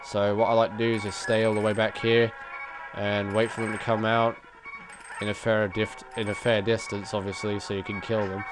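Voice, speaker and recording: A man's voice: lowish voice, level tone, moderate pace, poor audio. A man casually commenting on his gameplay, chatty and rambling with frequent chuckles, his nose stuffy. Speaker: let's play gamer. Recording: game music playing behind.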